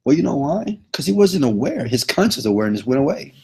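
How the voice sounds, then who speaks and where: A man's voice: mid-range voice, very animated, quick pace, darkish tone, breathy edge. A man giving an emphatic motivational lecture, often checking in with the audience. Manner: emphatic, keeps checking in with okay. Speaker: motivational speaker.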